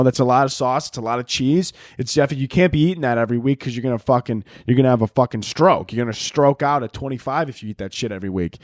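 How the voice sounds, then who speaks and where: A man's voice: medium pitch, darkish tone, no echo, studio quality. A young man from the Chicago area hosting his own podcast, ranting crudely and jokingly with lots of fillers. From Chicago area, United States. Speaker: podcast host. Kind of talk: casual solo podcast rant.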